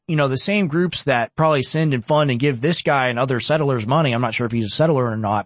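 A man hosting a reaction commentary show, indignant and sarcastic, talking in quick bursts. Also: mid-range voice, no room sound. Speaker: online commentary host.

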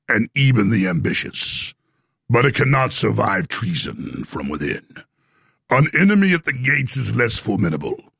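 A man's voice: lowish voice, vocal fry, fairly bright tone, husky, no echo, clean studio sound, pitched below the performer's own voice, exaggerated voice. A man doing a grave Roman orator. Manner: slow, declamatory.

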